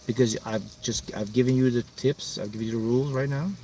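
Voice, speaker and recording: A man's voice: mid-range voice, steady tone, fast talker, warm tone, slight background noise. A man hosting a motivational livestream, talking emphatically and repeating himself to pump up his viewers. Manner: emphatic, repetitive, pumping up viewers. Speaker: manifesting coach hosting a livestream.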